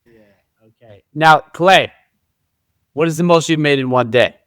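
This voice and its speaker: A man's voice: fairly high pitch, a little slow, fairly bright tone, clean tone, no echo, studio quality. A man hosting a livestream interview, upbeat and speaking straight to the live chat. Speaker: host.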